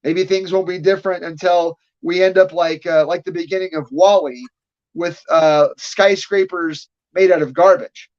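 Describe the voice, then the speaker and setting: A man with a rather high voice argues his case in a casual livestream chat, stacking up rhetorical questions. His audio sounds slightly dull and lo-fi. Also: fairly even intonation, moderate pace, darkish tone. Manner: argumentative, building points rhetorically. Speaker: podcast co-host.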